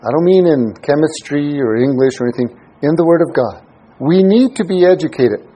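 A man's voice: on the high side, expressive, moderate pace, mellow, rough recording. A man preaching a conversational sermon as a pastor, often acting out quoted voices to make a point.

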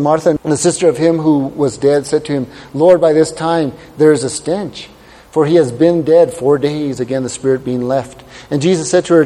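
A man's voice: fairly high pitch, mellow, big-room sound. A male pastor preaching a sermon and reading scripture, asking rhetorical questions and drawing out words for emphasis.

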